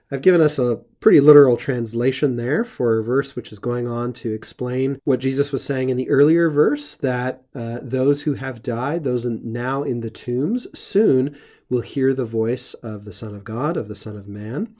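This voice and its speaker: A middle-aged man teaching Latin, explaining grammar step by step in a measured lesson. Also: mid-range voice, dark tone.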